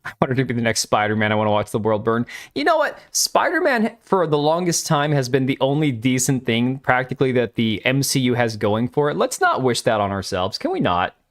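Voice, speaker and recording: A man hosting a live stream, giving blunt, opinionated and crude commentary while talking back to his chat. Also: medium pitch.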